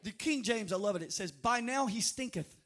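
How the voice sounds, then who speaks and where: A male pastor, from North Louisiana, preaching a dynamic sermon with bursts of shouting and drawn-out, sung phrases. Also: high voice, animated. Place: church sanctuary before a congregation.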